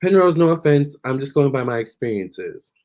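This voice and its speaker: A man's voice: mid-range voice, big pitch swings, normal speed, a little mellow. Chatty young man doing a live tarot stream. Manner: rambling, chatty, many fillers and restarts. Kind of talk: casual live-stream chat reading comments.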